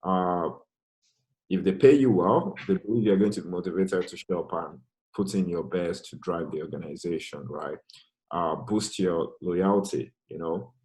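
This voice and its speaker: Deep-voiced man from Nigeria presenting. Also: moderate pace, rough recording. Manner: relaxed, conversational, frequent "you know". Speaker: guest speaker, finance project manager. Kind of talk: presentation over video call.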